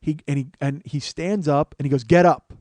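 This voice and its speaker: A man in his forties telling a profane, animated comic story on his podcast. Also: on the high side, dry recording. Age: 40s. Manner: profane, animated, quick asides. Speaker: comedian podcast host. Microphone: studio microphone he adjusts.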